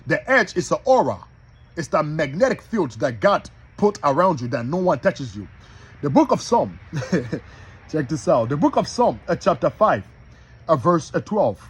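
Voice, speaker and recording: A man teaching from the Bible like a preacher, reading verses slowly and asking the listeners if they are following him. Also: on the high side, breathy edge. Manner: reads verses slowly and repeats them. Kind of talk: street-style bible teaching.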